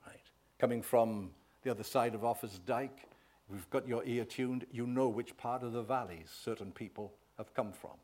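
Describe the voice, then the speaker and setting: A man preaching a sermon, swelling loud on key words and often asking the congregation "right?". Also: medium pitch, normal speed.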